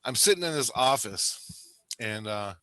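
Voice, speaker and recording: A man's voice: medium pitch, animated, unhurried, pushed and bright, no echo. A man telling a rambling, profane story in casual chat, laughing often.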